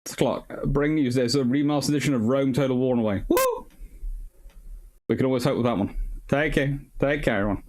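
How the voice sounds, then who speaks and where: A man's voice: mid-range voice, fast talker, darkish tone. A tired male history host and academic, rambling through a livestream sign-off and thanking viewers by name. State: tired, short on sleep. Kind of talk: livestream sign-off, reading chat.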